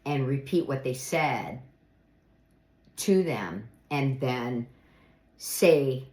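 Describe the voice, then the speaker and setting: Slow, low-voiced woman in an echoey room. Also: animated, a little mellow. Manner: unhurried, earnest, acts out example phrases. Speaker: speaker giving life advice. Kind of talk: reflective motivational monologue.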